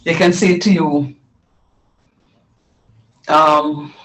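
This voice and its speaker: A man's voice: fairly high pitch, fairly even intonation, very slow, a bit bright, poor audio. A middle-aged man teaching a live math lesson, repeating phrases and quizzing his students as he explains.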